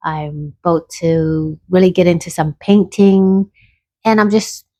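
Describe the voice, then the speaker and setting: A woman's voice: lowish voice, unhurried, dark tone, no room sound. A woman from Canada telling a rambling personal story in a chatty, casual way, with many restarts.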